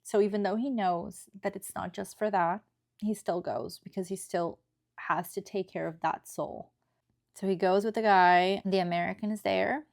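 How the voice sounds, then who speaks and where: A woman's voice: mid-range voice, creaky. A woman giving an earnest, emotional book review in a casual, chatty way, often checking in with tag questions.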